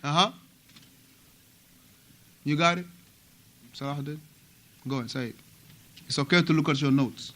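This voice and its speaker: A man from Africa teaching a religious class at a mosque, animated and repetitive, often asking his students questions. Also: a little high, measured pace, pauses often. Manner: animated, repeats words and asks students questions.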